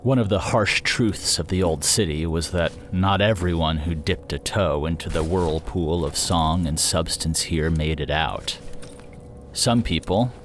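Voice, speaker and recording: A man narrating a story in a steady, even storytelling manner. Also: a bass voice. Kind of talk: audiobook narration.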